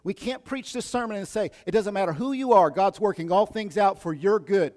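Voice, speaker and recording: A male pastor preaching a sermon with lots of energy, dropping to a hush and then rising loud, often repeating himself. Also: high-pitched, brisk, hardly any pauses. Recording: long church reverb.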